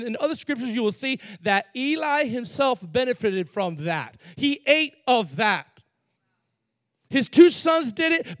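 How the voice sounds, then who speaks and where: A man preaching a sermon as lead pastor, emphatic, with sudden loud bursts and slowed-down words for stress. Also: extremely high pitch, dry recording, studio quality.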